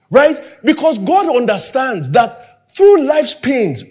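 A man's voice: very high voice, slow pace. A young man preaching a sermon, acting out quoted dialogue and dropping to near whispers for emphasis. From Nigeria. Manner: animated, acts out quoted dialogue. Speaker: pastor.

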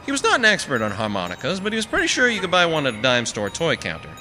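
Guy reading a story, wry and dry, lively pitch, long echo. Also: fast talker. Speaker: narrator. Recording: long reverb with faint music.

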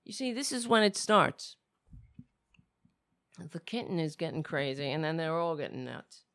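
A woman with a cracking, raspy voice, talking casually at home in a rambling, swearing vlog. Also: low-pitched, sing-song, normal speed, a bit bright, no room sound, studio quality. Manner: swears freely, rambles and talks to her cats.

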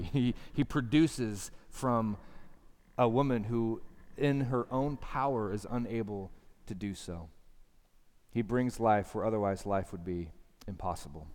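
Man preaching in a reverberant hall. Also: medium pitch. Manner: conversational, emphatic preaching with rhetorical questions. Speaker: pastor. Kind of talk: sermon. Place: church hall.

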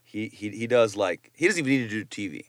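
A man's voice: lowish voice, animated, quick pace, no room sound. A man who is a chef, talking as a guest in a casual interview, telling loose stories full of slang and swearing. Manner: loose, profane storytelling with slang.

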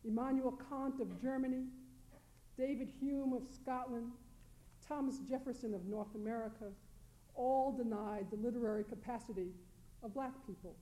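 A woman on a panel reading a prepared academic talk, measured and deliberate, leaning on key words for emphasis. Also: a little high, steady tone, dark tone, poor audio. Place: lecture hall panel.

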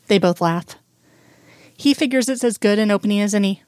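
A woman narrating a romance novel in an even, unhurried storytelling manner. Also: mid-range voice, no room sound, clean studio sound.

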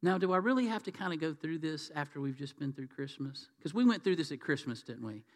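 A man's voice: fairly high pitch, expressive, fast talker. A man preaching a sermon in a conversational, folksy way. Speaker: pastor. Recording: reverberant hall.

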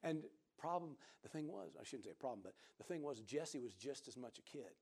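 A middle-aged man, preaching and telling a lively personal story, acting out other people's voices. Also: medium pitch, a little fast, vocal fry, breathy edge. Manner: animated storyteller who acts out quoted voices loudly. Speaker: pastor. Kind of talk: sermon storytelling.

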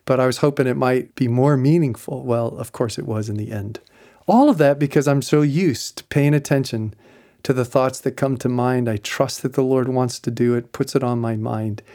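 A man's voice: mid-range voice, fairly even intonation, moderate pace, warm tone. A man giving a devotional teaching talk, telling stories earnestly and ending in spoken prayer. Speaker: Christian teacher.

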